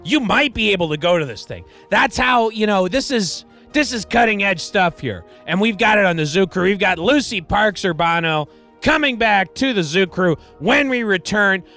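A radio DJ man with a high, bright, sharp voice, talking into a studio mic with faint music playing underneath. He rambles wryly between song credits, tossing off deadpan asides and restarting his sentences as he goes. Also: moderate pace. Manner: wry, digressive, self-deprecating, with restarts and deadpan asides. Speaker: radio DJ and host. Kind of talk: rambling casual radio DJ patter.

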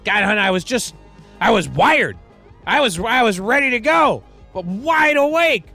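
A man hosting a college radio show from the studio, rambling through song credits and deadpan digressions with a wry, self-deprecating manner. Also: very high-pitched, a little slow, vocal fry, faint music behind. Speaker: radio DJ and host. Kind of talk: rambling casual radio DJ patter.

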